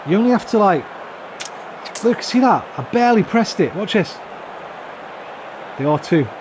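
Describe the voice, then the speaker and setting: A man's voice: high voice, expressive, a little fast. A man streaming a football management game, chatting with viewers and swearing when it goes wrong. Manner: swearing, chatty, flares into frustrated outbursts. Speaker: gaming streamer. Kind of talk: live game stream chat. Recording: noisy background.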